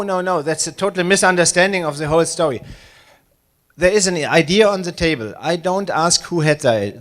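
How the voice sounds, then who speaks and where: A man in his sixties from Germany with a German accent, speaking English at a live public talk as a space agency director, with many fillers and restarts. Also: fairly high pitch. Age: 60s. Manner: hesitant, many fillers, self-deprecating.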